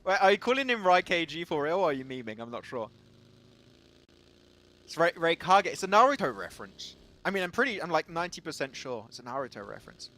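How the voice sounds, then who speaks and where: A man commentating a live esports match with a somewhat high voice. He is chatty and easily excited, and he breaks into laughter often. His delivery is loose and conversational. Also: fast. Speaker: esports caster.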